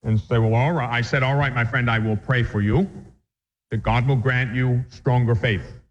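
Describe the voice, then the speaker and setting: A man's voice: medium pitch, steady tone, moderate pace, a little hiss or hum. A man, a Catholic priest, teaching a catechism class in an earnest, emphatic way and repeating his key points. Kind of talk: religious lecture. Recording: dull lo-fi sound in a reverberant hall.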